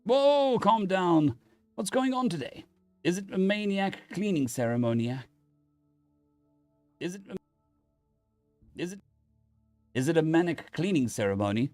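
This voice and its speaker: A man voicing an excitable alien crew member in a high, animated voice. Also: unhurried, long pauses, dry recording, soft background music. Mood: startled.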